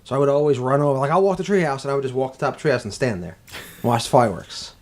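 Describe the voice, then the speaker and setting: A man's voice: medium pitch, very fast, a little mellow. A man co-hosting a casual podcast, rambling through stories with many fillers. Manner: rambling, filler-heavy, laughs easily. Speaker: podcast co-host. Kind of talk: casual chat.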